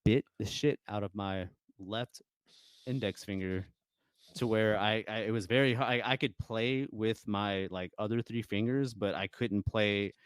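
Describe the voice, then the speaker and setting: A young musician appears as a podcast guest, telling stories in loose, casual talk full of fillers, false starts, and frequent laughter. His low, smooth, resonant voice is recorded close and dry with no room sound, and he speaks a little slowly in a steady, conversational, never polished way.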